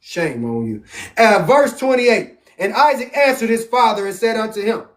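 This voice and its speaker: High voiced guy preaching scripture at home, emphatic. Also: animated, moderate pace. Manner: emphatic preaching, reading verses aloud. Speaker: religious teacher. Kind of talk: scripture teaching on a live stream.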